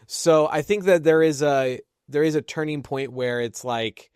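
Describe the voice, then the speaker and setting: A man's voice: a little high, measured pace, a little mellow, smooth, dry recording, studio quality. A man co-hosting a podcast, telling business stories in casual chat and laughing between points. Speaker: podcast co-host.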